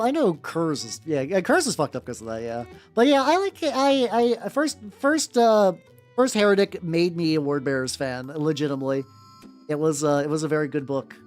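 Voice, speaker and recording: A woman's voice: sits low, darkish tone. A woman chatting casually on a live stream while painting miniatures, rambling with lots of fillers and casual swearing. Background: faint background music.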